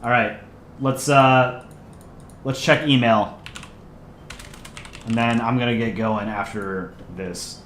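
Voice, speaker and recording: A man's voice: mid-range voice, steady tone, slow, pauses often, a bit bright, slight background noise. A man with a mid-range voice chats casually on a livestream, joking and rambling as he reads out viewer messages. He sounds loose and self-deprecating. The room gives his voice a roomy echo, with faint ambience underneath. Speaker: livestream host and channel voice actor.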